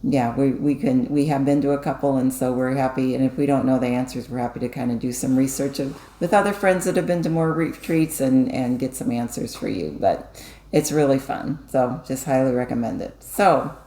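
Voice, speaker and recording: A woman's voice: rumbling low, fairly quick, few pauses, dark tone. A woman co-hosting a casual craft chat, talkative, with many fillers and restarts. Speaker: co-host. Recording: echoey room.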